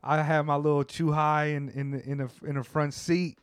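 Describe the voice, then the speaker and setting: A man's voice: a little high, flat delivery, moderate pace, smooth, no echo, studio quality. A man hosting a podcast, chatting casually in laid-back slang with frequent restarts and "you know what I mean.". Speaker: podcast host. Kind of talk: casual chat. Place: lives in Japan.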